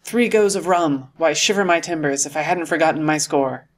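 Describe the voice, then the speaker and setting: A man's voice: fairly high pitch, moderate pace, natural voice. A man doing Long John Silver, hearty old sea cook. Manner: hearty, salty sailor slang. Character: jovial one-legged old male sea cook.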